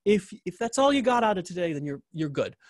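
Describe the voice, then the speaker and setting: A man's voice: high-pitched, big pitch swings, quick pace, no echo, clean studio sound. A man hosting an interview, wrapping up with an enthusiastic, joking endorsement of his guest, often repeating phrases for emphasis. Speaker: interview host.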